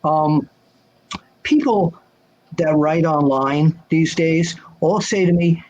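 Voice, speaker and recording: An older man telling wrestling-magazine stories on a video call, lively and acting out the voices of people he quotes. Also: fairly high pitch, slow, highs cut off. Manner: animated, acts out quoted voices. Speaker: guest answering fan questions. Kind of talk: casual storytelling chat.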